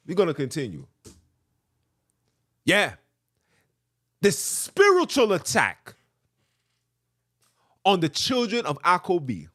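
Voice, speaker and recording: A man hosting a podcast, animated and ranting, who repeats phrases, jokes and reads a letter aloud. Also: high-pitched, takes it slowly, long pauses. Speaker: podcast host.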